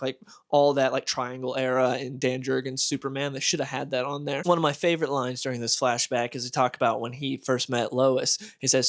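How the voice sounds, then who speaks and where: A man's voice: medium pitch, fairly even intonation, a little fast, fairly bright tone. A young man hosting a casual vlog, gushing enthusiastically about a comic book.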